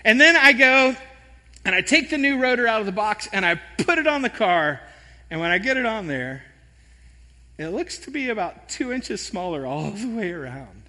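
A man preaching a sermon in an animated, self-deprecating storytelling manner. His voice sits high and sounds bright. The sound carries a long reverb, as in a large church sanctuary. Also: normal speed. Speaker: pastor.

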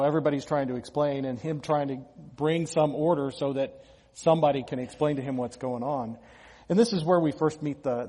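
Casting: husky-voiced male pastor, mid pitch, relaxed conversational preaching, big reverberant sanctuary. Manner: conversational, with frequent restarts and small laughs. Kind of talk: sermon.

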